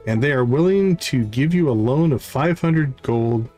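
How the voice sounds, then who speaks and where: A man reading the lines of a kindly, well-meaning old grandmother, pitching his voice a little higher. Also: lively intonation, unhurried, a little mellow, soft background music, lightly acted. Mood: gracious.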